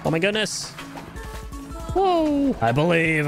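A man streaming a video game, reacting loudly to his chat, swearing, laughing and yelping in surprise. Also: normal speed, music in the background. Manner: excitable, swears, frequent laughs and sudden high yelps.

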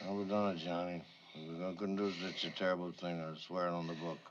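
A man's voice: deep voice, little pitch movement, fairly quick, natural voice. An actor playing a drowsy old man who mumbles and pleads that he never did it, in a 1950s film take on a dull, noisy archival recording. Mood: pleading.

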